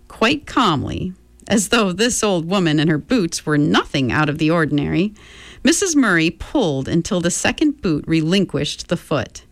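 Woman radio host, story reading, slow and lively, dry close sound. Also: sits low, no room sound. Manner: warm and expressive reader, chatty between songs.

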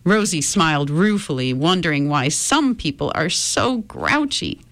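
A woman reading a children's chapter book aloud in a gentle, expressive storytelling manner. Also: sits low, unhurried.

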